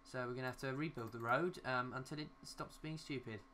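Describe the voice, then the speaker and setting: Fairly quick and forceful, the young man's mid-range voice sounds bright, with a little background noise. He's a gaming YouTuber building in a city game, chatting aimlessly to himself and mildly swearing at glitches.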